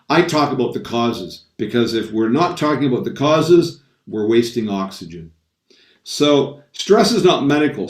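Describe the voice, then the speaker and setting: A man speaking as a stress coach to an online roundtable, stressing key points and repeating them. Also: mid-range voice. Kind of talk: talk to an online roundtable audience. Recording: roomy sound from a distant mic.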